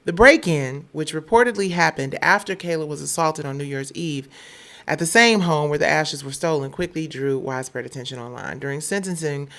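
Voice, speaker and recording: Gravelly-voiced woman hosting blunt news talk. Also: low-pitched, a bit bright. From Detroit. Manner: blunt, irritated, profane. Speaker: show host. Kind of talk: casual news commentary.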